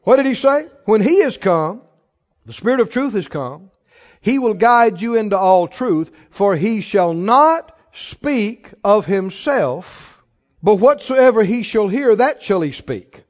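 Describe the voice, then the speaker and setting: A man's voice: sits high, big pitch swings, slow. A man preaching a sermon to a congregation, leading call-and-response and asking rising questions. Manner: rising, exhorting rhetorical questions. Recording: long hall reverb, dull lo-fi sound.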